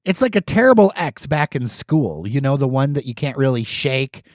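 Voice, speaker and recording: Wry man with a lively pitch. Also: moderate pace, no room sound. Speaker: podcast host. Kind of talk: casual sports chat.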